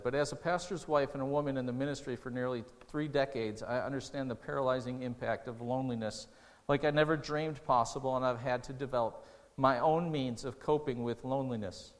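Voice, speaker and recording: A man's voice: medium pitch, a little fast, long reverb tail. A man preaching a sermon as pastor, earnest and conversational, with restarts and rising emotional peaks.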